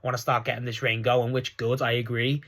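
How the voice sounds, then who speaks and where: A young man casually recapping a wrestling show, excitable and rambling, laughing often as he talks. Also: medium pitch, fast talker.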